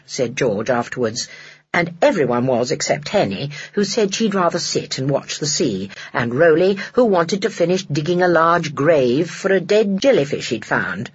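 A narrator reading a children's novel aloud in a gentle, measured storytelling manner. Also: mid-range voice, sing-song, slightly rough, no room sound. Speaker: audiobook narrator. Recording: dull lo-fi dry recording.

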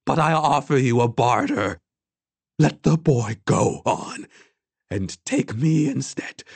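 A man's voice: medium pitch, lively intonation, slow, creaky, breathy edge, no room sound, voice pushed up, exaggerated voice. A man voicing a stern, resolute old woman elder in an audiobook, firm and commanding. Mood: pleading firm. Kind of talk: audiobook character voice.

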